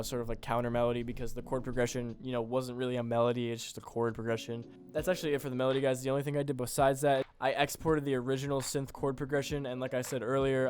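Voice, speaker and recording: A man's voice: medium pitch, darkish tone. Laid-back young man explaining his beats. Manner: laid-back, rambling, swears casually. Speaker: beat producer. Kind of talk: casual screen-recorded tutorial.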